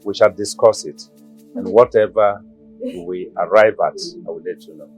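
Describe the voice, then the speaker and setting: An actor playing a middle-aged chief who soothes a crying queen in measured, formal words. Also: lowish voice, fairly even intonation, darkish tone, highs cut off, soft background music, natural voice. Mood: calming. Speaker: palace chief. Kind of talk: Nollywood film acting.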